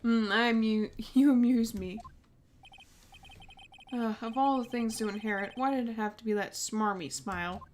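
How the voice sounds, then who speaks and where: This is a haughty young woman prosecutor from a courtroom game, voiced by a woman reading along. She speaks in a high, clipped voice and sneers at everyone around her. The tone stays imperious and cold throughout. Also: moderate pace, slight background noise, natural voice. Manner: imperious, scornful.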